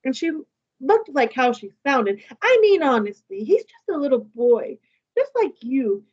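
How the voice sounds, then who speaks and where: A woman with a fairly high voice reads a children's novel aloud to her class. She reads with lively expression and gives each character's dialogue some life. The recording sounds a little muffled. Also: a little slow. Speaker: teacher reading aloud.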